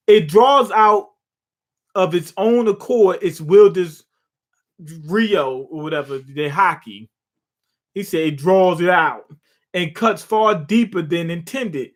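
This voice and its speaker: A man's voice: sits high, takes it slowly. A young man casually reacting to a comic chapter live, retelling scenes with swearing, jokes and laughter. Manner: loose, profane, jokey retelling with laughs. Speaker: manga reaction streamer.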